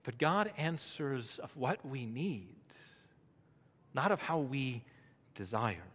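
A man preaching a sermon, asking the congregation rhetorical questions, swelling to emphatic peaks and then dropping low and soft. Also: sing-song, slow pace, slightly rough. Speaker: pastor. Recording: long reverb of a large hall.

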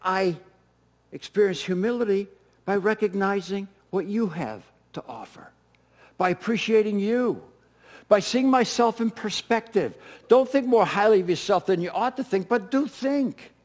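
A high-pitched man delivers a sermon with dramatic swings in volume, punching key words loudly and then dropping almost to a whisper. He mixes in self-deprecating humor and laughs at his own stories. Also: lively intonation, moderate pace. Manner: dynamic delivery, swinging from loud emphatic peaks to soft near-whispers. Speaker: pastor.

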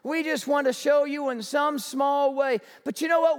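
A man preaching a sermon as pastor, telling stories with animated energy and rising to shouts. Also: extremely high pitch, moderate pace, long reverb tail.

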